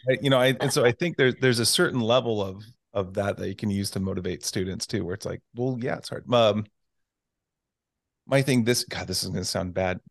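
Gravelly, halting male radio host. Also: fairly low pitch, no room sound, studio quality. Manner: halting, repeats words, laughs often. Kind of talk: casual radio chat.

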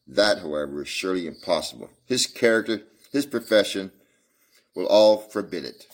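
Storybook mother, anxious and pleading, read by a man; low voice nudged upward. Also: lively intonation, moderate pace. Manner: pleading, agitated. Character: Mrs. Carpentier, distressed older mother.

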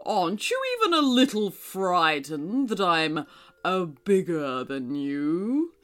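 A woman's voice: lowish voice, big pitch swings, takes it slowly, a bit bright, faint music behind, full character voice. A woman voicing a smug, menacing male crocodile in a storybook reading, drawling and scornful.

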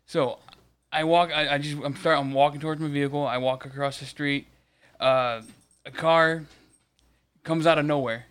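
A man's voice: a little high, steady tone, normal speed, long pauses, a bit bright, clean tone. A man co-hosting a casual podcast, rambling and swearing as he gets worked up retelling a run-in. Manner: rambling, profane, gets heated retelling a confrontation. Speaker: podcast co-host. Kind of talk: casual chat, storytelling.

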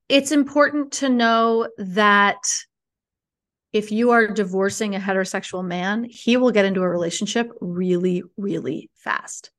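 A woman speaking as a divorce coach guest in a conversational podcast interview, animated, frank and casually profane. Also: mid-range voice.

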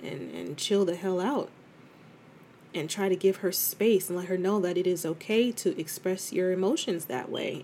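A middle-aged woman hosting a casual, confessional talk in a lowish voice. She speaks candidly and conversationally, calling her listener "girl". A faint hiss of background noise sits under her voice.

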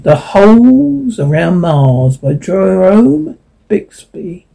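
Gravelly, husky man reading a story. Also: high voice, big pitch swings, takes it slowly, mellow, rough recording. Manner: unpolished reading with frequent stumbles and self-corrections. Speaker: narrator. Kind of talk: audiobook reading.

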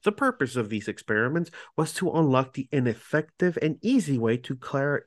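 A man hosting a podcast reads from his notes in a mid-range voice, breaking off into casual, self-mocking asides whenever a foreign word trips him up. The sound is close and dry, with no room echo. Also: medium pitch. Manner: stumbles over foreign words, self-mocking. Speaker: podcast host. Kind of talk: reading prepared narration with casual asides.

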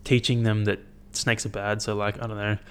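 A young man with a slightly low-pitched voice rambles to camera in a loose, unscripted monologue. He is blunt and swears freely, with plenty of "like" and "um", and wanders from thought to thought. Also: flat delivery, moderate pace, a little hiss or hum. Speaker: vlogger.

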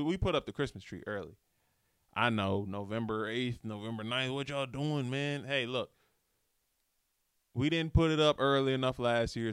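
A man's voice: medium pitch, fairly bright tone, smooth, no echo, clean studio sound. A man hosting a solo podcast, giving a casual, slangy motivational talk and often repeating himself. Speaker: podcast host. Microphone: studio microphone.

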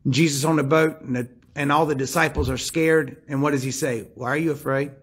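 High-voiced animated preaching man. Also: fairly quick, breathy edge. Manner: animated storyteller, drops to hushed tones then builds emphatically. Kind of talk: sermon with personal story.

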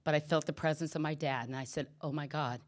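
A middle-aged woman candidly shares her own recovery story with a group, emotional and self-deprecating in this personal testimony. Her voice is low and steady, and she speaks fast.

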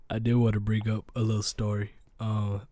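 A man's voice: on the low side, mellow, no echo. A young man hosting a podcast, telling stories in a slangy, profane, rambling way with lots of fillers. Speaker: podcast host. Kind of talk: casual podcast chat, storytelling.

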